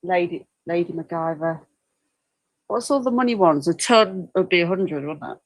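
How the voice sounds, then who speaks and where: Woman, livestream host, casual rambling chat, somewhat low voice. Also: moderate pace, poor audio. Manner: chatty, rambling, apologetic asides. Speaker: livestream host commenting on a trial.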